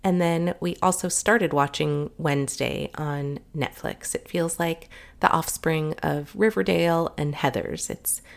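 A woman's voice: sits low, a little slow, creaky, hardly any pauses. Chatty woman podcast host with a cold. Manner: chatty, upbeat. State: nasal from a cold. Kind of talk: casual podcast monologue.

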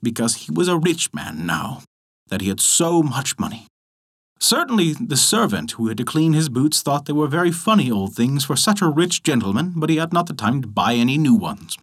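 A man narrating a folk tale as a storyteller, expressive and animated. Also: on the high side.

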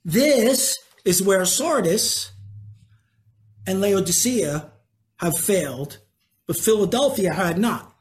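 A preacher teaching a sermon in a conversational way, asking the congregation questions and moving between slow emphasis and quick asides. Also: medium pitch, animated.

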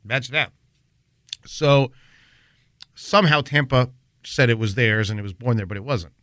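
A man with a bright, forceful voice tells stories in a lively, animated way as a podcast guest. He often mimics other people. The recording is dry and close. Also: mid-range voice, moderate pace, dry recording. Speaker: guest chef. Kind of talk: casual podcast chat.

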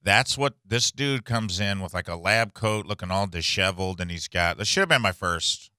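A man's voice: low-pitched, moderate pace, pushed and bright, no room sound, studio quality. A man on a casual comedy podcast, ranting and swearing as he tells a story and mocks people in impressions. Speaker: podcast co-host.

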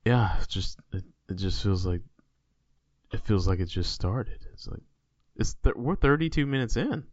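A man with a lowish voice, co-hosting a casual podcast and chatting in a loose, joking, rambling way. The recording is dry and a little dull. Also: animated, normal speed, a little mellow, no room sound. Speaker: podcast co-host. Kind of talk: casual chat.

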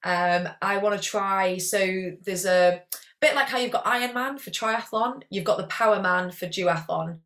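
A woman's voice: medium pitch, normal speed, fairly bright tone. A young woman, chatting as a guest athlete in a casual interview, rambling and peppering her talk with "like".

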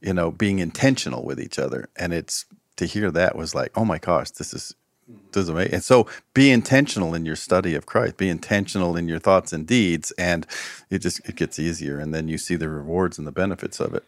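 A man's voice: sits low, a little fast, dry recording, clean studio sound. A married man co-hosting a casual faith podcast, talking in a heartfelt, rambling way with many ums. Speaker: podcast co-host. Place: podcast studio.

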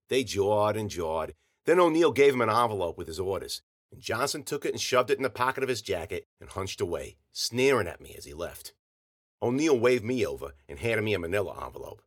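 A man narrating a first-person story in a wry, hard-boiled deadpan. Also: fairly low pitch.

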